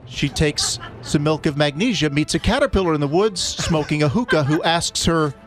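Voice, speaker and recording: A man hosting a morning radio show, reading a storybook summary aloud in a measured storytelling way and pausing for sound effects. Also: a little high, expressive, faint music behind. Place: radio studio.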